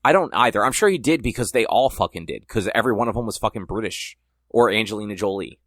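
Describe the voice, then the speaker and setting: A man's voice: lowish voice, animated, quick pace, fairly bright tone, no room sound, clean studio sound. A young man co-hosting a podcast, rambling in casual chat and leaning hard on filler words. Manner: rambling, heavy use of "like". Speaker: podcast co-host.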